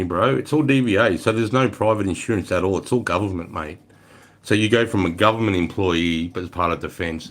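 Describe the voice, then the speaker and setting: A middle-aged Australian army veteran talking casually on a livestream, telling war stories in a blunt, profane, rambling way. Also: male voice, sits low.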